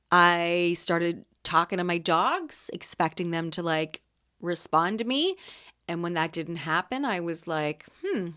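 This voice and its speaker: A woman in her thirties from Canada, hosting a casual solo podcast and telling lively stories about her market stall. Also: medium pitch. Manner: chatty, animated storyteller acting out quotes. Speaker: podcast host and market vendor.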